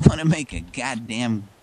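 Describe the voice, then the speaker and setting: A man's voice: medium pitch, mellow, slightly rough, poor audio. A man co-hosting casual comedic banter, crude and joking. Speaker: podcast co-host.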